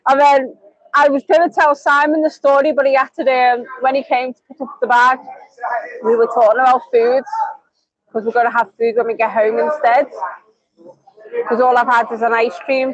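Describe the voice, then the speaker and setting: A woman with a high voice, chatting casually on a live stream. She rambles from one thing to the next, fills gaps with "um" and "like", and restarts her sentences. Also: poor audio. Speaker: vlogger.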